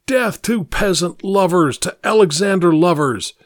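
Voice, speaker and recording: A man voicing a ruthless male bomb-thrower who shouts fanatical cries in a storybook reading. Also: high voice, unhurried, dry recording, studio quality, pitched above the performer's own voice. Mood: shouting.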